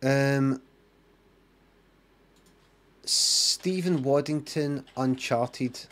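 A man's voice: medium pitch, drawn-out words, fairly bright tone. A man with a Scottish accent chatting, muttering and swearing through his live-stream commentary.

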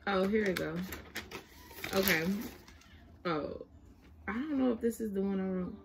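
A woman's voice: mid-range voice, animated, measured pace, vocal fry, background noise. Chatty young woman. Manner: chatty, apologetic, talking to the baby and the viewers while hunting for letters. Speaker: vlogger. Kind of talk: casual chat to camera.

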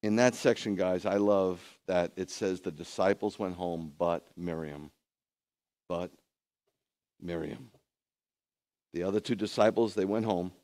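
Lower-voiced man preaching a sermon. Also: unhurried, pauses often. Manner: animated, rhetorical questions, conversational asides. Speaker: rabbi.

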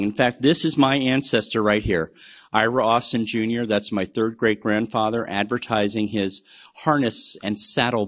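A man's voice: lowish voice, fairly bright tone. A man from the United States giving a chatty, enthusiastic genealogy webinar lecture, with frequent fillers. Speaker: genealogy presenter. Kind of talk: webinar lecture on research methods.

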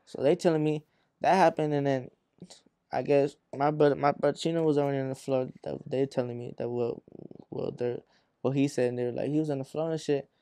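Clean studio sound with no room sound carries a man's medium-pitched, dark-toned voice, delivered flatly and fairly quickly. He's a young Arizona rapper guest in an interview, spinning a meandering, foul-mouthed story and performing the quotes of the people in it.

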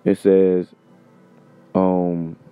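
A man's voice: low-pitched, monotone, drawn-out words, warm tone, smooth, dry recording. A man preaching informally between scripture readings, emphatic and profane, often ending phrases with "man". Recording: tinny phone-like sound with faint music.

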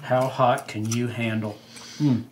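A man co-hosting a casual taste-test video, joking in a dry, deadpan way. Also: medium pitch, unhurried. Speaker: co-host. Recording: noisy background hiss.

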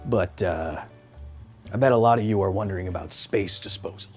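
Hoarse husky guy doing a scripted science explainer, wry and theatrical, talks right at you. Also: on the low side, quick pace, darkish tone, faint music behind. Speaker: science video host.

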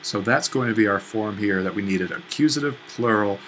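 A man's voice: lowish voice, brisk, fairly bright tone, a little hiss or hum, rough recording. A man teaching a language lesson, walking through an exercise step by step while thinking aloud, with fillers and self-corrections. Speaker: Greek teacher.

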